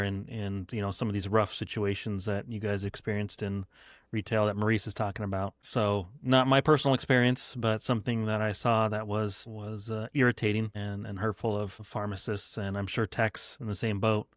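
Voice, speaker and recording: A man co-hosting a casual podcast. His voice is low and smooth, and stays flat and level as he talks in a measured, reflective way. The sound is dry and close. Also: no echo. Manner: measured, reflective, with many fillers.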